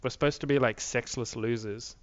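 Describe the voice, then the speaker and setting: A man's voice: mid-range voice, steady tone, fairly quick, no echo. A young man rambling to camera in a casual video diary, swearing a lot and filling his talk with "like", recorded close on a dull lo-fi camera mic. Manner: rambling, profane, many "like" fillers. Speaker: vlogger.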